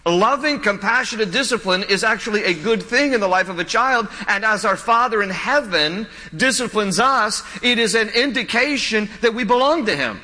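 A man's voice: high-pitched, lively intonation, moderate pace, few pauses, sharp tone. A man preaching a sermon as a pastor, emphatic and repeating key lines, with humorous storytelling asides. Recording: long reverb of a large hall.

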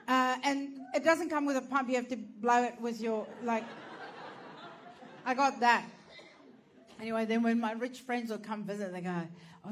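A woman telling a stand-up comedy story in a crude, profane, self-mocking way. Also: on the high side. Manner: lively, animated delivery.

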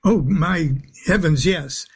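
A man speaking as a guest on a talk radio show, halting and full of filler sounds, with soft chuckles. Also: on the high side, slightly rough. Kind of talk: phone-in talk radio interview.

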